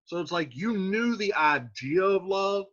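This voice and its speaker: A man's voice: high-pitched, animated, measured pace, a bit bright. A male teacher explaining a play line by line, reading verse aloud and then paraphrasing it casually. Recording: dull lo-fi recording.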